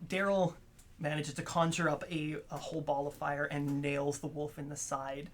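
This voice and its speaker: A man's voice: on the high side, flat delivery, normal speed, a little hiss or hum. A man narrating a tabletop role-playing game as game master, telling the scene in a storytelling way. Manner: storytelling narration, laughs often with players.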